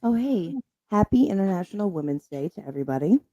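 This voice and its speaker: A woman co-hosting a podcast who tells stories in an animated way and laughs as she talks. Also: on the low side, quick pace, no echo. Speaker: podcast co-host. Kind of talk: casual storytelling chat.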